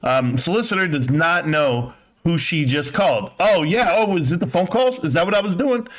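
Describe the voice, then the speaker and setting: A man's voice: on the high side, lively intonation, normal speed. A man in his fifties hosting a live stream, chatting casually and crudely, joking and mocking as he reads comments. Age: 50s. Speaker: livestream host.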